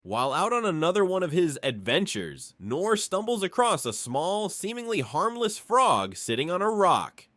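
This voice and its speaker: Male narrator for a comic anime recap: wry, jokey, animated delivery, dry booth sound. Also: high-pitched, normal speed, hardly any pauses, dry recording.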